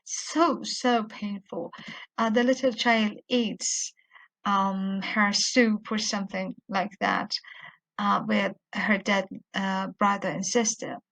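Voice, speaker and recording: A woman teaching literature, patiently explaining a poem and slowing down to stress quoted lines. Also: medium pitch, fairly even intonation, gravelly, fairly bright tone. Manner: patient, repeats words while explaining. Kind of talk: explanatory lecture with poem reading.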